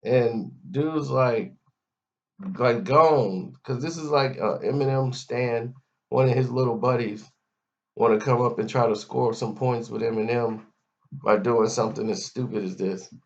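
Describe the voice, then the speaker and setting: A man's voice: mid-range voice, unhurried. A man giving a mocking, scolding commentary rant, talking straight at the person he criticizes. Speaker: commentary vlogger. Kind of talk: ranting commentary. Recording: dull lo-fi audio.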